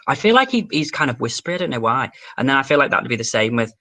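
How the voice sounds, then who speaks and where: A man's voice: mid-range voice, sing-song, quick pace, pushed and bright. A man livestreaming, casually reading viewer comments and answering questions in an offhand, chatty way.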